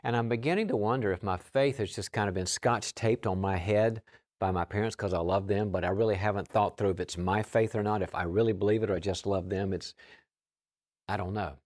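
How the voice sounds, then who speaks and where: Brief: unsure young woman in her twenties, quoted by a male preacher, halting delivery. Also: on the low side, steady tone, a little mellow, natural voice.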